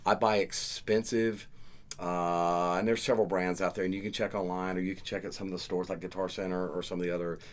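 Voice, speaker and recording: A man with a Southern US accent hosting a casual podcast chat, animated and joking as he explains things. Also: low-pitched, fairly quick. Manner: animated, joking, acts out stories. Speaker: podcast host and karaoke KJ.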